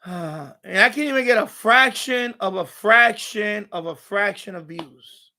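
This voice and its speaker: A man's voice: high-pitched, unhurried, pushed and bright. A man hosting a home live stream from his radio room, rambling and ranting with profanity and mocking asides.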